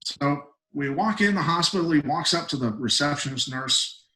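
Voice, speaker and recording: A middle-aged man, a retired fighter, telling stories as a podcast guest in a blunt, emphatic, animated way. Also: on the high side, moderate pace, rough recording. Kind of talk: casual podcast storytelling.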